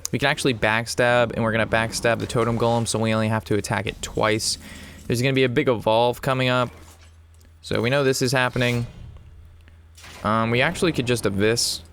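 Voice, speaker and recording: A young man in his twenties talks through a card game as he plays it, chatty and rambling. His pitch is mid-range for a man, and he swears freely and laughs often. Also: fairly even intonation, brisk, fairly bright tone, slight background noise. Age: 20s. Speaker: card game player commentating his own match. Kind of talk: casual gameplay commentary mixed with an anecdote.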